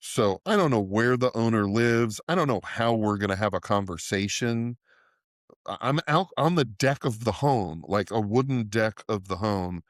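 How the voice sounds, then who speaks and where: A middle-aged man with a fairly low voice tells a long, profane story on a casual podcast, rambling and laughing as he goes. The sound is dry and close, with no room around it. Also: lively intonation, moderate pace, no echo. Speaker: podcast co-host.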